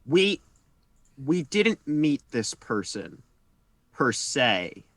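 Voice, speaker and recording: A man's voice: medium pitch, extremely slow, no echo. A man playing in a tabletop game, chatting casually and swearing freely. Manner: lively, cursing freely. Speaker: player.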